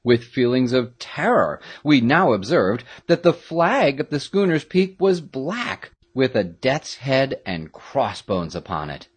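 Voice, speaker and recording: Male audiobook narrator, first-person adventure tale, husky, lively pitch, dramatic reading. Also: slow, hardly any pauses.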